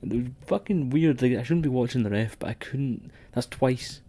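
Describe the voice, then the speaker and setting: A man's voice: medium pitch, lively intonation, normal speed, dark tone. A man co-hosting a wrestling podcast in sweary, rambling casual chat. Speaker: podcast co-host.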